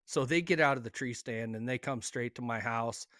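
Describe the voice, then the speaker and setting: A man casually telling a hunting story, emotional and halting, with many fillers and restarts. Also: mid-range voice, fairly bright tone, no room sound, studio quality. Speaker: hunter telling his story.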